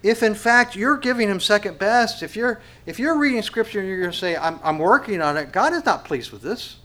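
Man preaching with a slightly high voice. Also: animated, fairly quick, bright, forceful tone. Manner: asks the congregation rhetorical questions and stumbles over repeated words. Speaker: pastor. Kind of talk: sermon.

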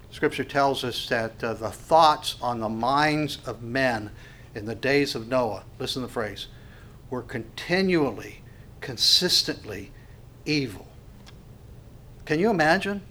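A man preaching a sermon, swinging from hushed to loud and asking the congregation rhetorical questions. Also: medium pitch. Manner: acts out quoted voices. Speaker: pastor.

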